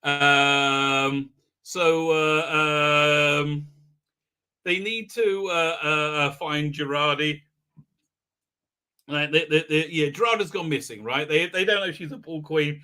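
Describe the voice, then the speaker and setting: Bright, rambling male stream host. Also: fairly high pitch, slow pace, clean tone. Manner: rambling, sarcastic, heavy fillers. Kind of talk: live-stream recap.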